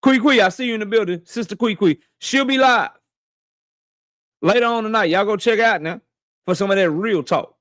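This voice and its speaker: High-voiced man hosting a live stream. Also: moderate pace, no echo, clean studio sound. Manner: loose, profane, shouting out viewers by name. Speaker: boxing live-stream host. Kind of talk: casual live-stream chat. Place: home office.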